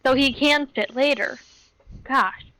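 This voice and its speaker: A woman's voice: sits high, slow pace, sharp tone, low-quality recording. A young woman chatting candidly with fellow tabletop game players, mocking herself. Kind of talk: casual chat between players.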